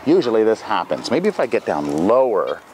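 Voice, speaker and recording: Easygoing farm man, lively voice. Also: on the low side, moderate pace, a little hiss or hum. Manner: soft coaxing talk to the animals, loud calls to the herd. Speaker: farm owner showing his animals. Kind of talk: casual vlog talking to camera and animals. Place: outdoors on a small farm.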